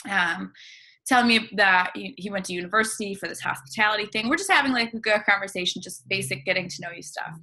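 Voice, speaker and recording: Speaking fast, a US woman guesting on a podcast shares a relaxed travel anecdote in casual storytelling mode. The voice is bright, forward and middle-pitched, the delivery light and talkative, dotted with easygoing fillers.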